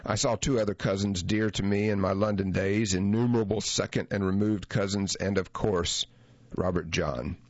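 Deep-voiced man narrating a reflective memoir. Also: fairly even intonation, no echo, dull audio. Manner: measured, reflective first-person reading. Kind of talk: audiobook narration of a memoir essay.

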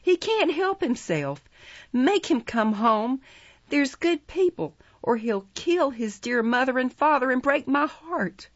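Casting: a woman playing a shrill, theatrical young woman, wailing and pleading, dry muffled audio. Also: animated, measured pace, no room sound, natural voice. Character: frantic young woman feigning sisterly grief.

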